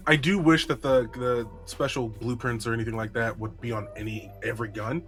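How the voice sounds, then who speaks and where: A man co-hosting a laid-back gaming podcast, talking in casual, excitable bursts full of "uh" and "um". His voice is bright and forceful, sitting in an ordinary male range. Soft music runs faintly underneath. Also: mid-range voice, brisk. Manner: excitable, interrupts with trivia, many fillers. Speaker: podcast co-host. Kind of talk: casual chat.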